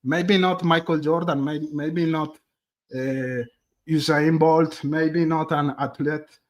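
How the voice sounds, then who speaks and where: A man's voice: fairly high pitch, fairly even intonation, takes it slowly. Chatty man. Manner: chatty, addresses viewers directly as "guys". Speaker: true crime streamer. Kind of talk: live-stream commentary.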